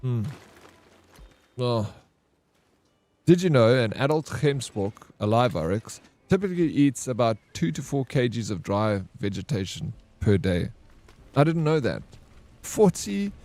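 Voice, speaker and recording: A man's voice: medium pitch, darkish tone. Joking South African man streaming games. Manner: joking, teasing banter, greets and thanks viewers. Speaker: variety streamer. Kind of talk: casual live-stream chat while gaming.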